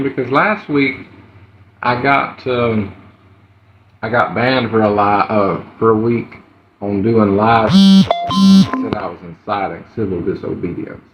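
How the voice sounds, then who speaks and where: A man chatting casually on a live stream, greeting viewers one by one and pausing often with fillers. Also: mid-range voice, a bit bright. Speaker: livestreamer. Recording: roomy, dull, slightly noisy phone audio.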